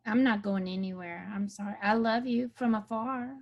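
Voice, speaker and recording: A woman's voice: medium pitch, moderate pace, muffled recording. A woman in casual chat, talking in a teasing, colloquial way.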